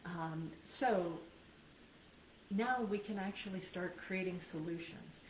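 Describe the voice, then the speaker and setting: Speaking slowly in a fairly low voice, a woman who coaches in life and business runs a live video training. She is sincere and conversational, frequently checking on her audience, and the far-off mic picks up room echo and faint background noise.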